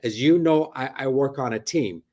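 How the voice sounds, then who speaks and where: This middle-aged real estate broker talks animatedly from his office over a video call, capping his points with "right?" in a casual interview. His voice sits at medium pitch, moves at a normal speed, and has a slightly mellow quality.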